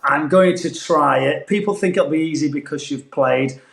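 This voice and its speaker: A man's voice: fairly high pitch, normal speed, creaky, a bit bright, reverberant. A man who grew up in northeast England, with a Manchester-tinged accent, chatting earnestly on a podcast as a former footballer. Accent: Manchester-tinged English. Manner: earnest, rambling with restarts. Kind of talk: casual podcast chat.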